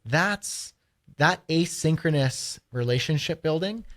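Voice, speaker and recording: A man with a Canadian accent, co-hosting a podcast in casual chat and talking in animated bursts. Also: a little high, slow. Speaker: podcast co-host.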